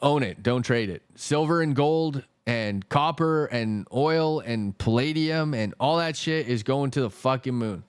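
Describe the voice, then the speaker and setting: A man in the middle of a casual market rant on his livestream, cursing freely and circling back over the same point. His voice sits at an ordinary middle pitch and comes across close and dry, with no room sound around it. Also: a little slow, few pauses, clear, resonant tone, no echo. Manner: exasperated, swears heavily, repeats himself. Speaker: stock market livestream host.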